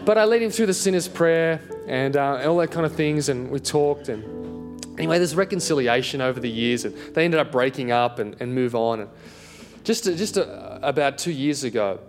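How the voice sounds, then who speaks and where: A young adult man preaching a sermon and telling a personal story in an animated way, laughing at himself as he goes. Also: mid-range voice, normal speed, faint music behind.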